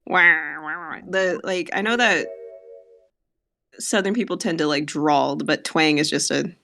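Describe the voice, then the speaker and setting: A woman's voice: low-pitched, measured pace, creaky, fairly bright tone, soft background music. A woman from the New York area, chatting as a guest streamer in a laughing, jokey way. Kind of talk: casual chat.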